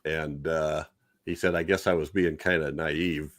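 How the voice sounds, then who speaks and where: A man with a very deep voice chats easily about a film, hesitating and trailing off with fillers. He comes across as relaxed and quick to laugh. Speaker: podcast co-host. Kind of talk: casual film review chat.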